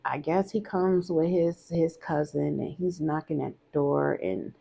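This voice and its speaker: Low gravelly woman telling a story. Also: a little slow, mellow. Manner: candid, conversational, emphatic repeats. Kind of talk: casual storytime vlog.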